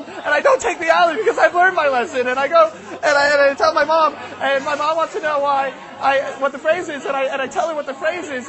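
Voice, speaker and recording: A man doing a breathless, excitable young boy. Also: very high voice. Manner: breathless run-on storytelling. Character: excitable young boy recounting his bad day.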